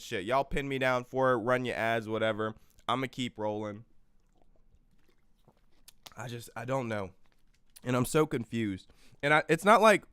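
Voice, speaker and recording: With a medium-pitched, slightly bright voice that sounds clear and resonant, a man goes on a heated, profane political rant during his live podcast. The recording is dry and studio quality, and he shouts into his microphone, repeating lines for emphasis.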